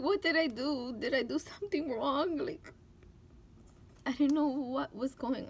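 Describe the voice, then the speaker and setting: A young woman talking through her tears while doing her makeup on camera, halting and restarting often. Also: high-pitched, creaky, darkish tone, slight background noise. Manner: tearful, halting, many restarts and fillers. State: close to tears. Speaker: beauty vlogger. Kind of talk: emotional talk during a makeup tutorial.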